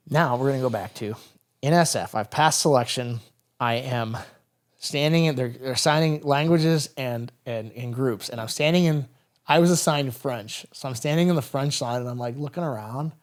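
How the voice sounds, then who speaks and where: A man in his thirties, a veteran guest on a podcast, telling stories casually and acting out the dialogue. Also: mid-range voice. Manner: rapid, animated anecdotes with quoted dialogue. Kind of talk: casual storytelling interview.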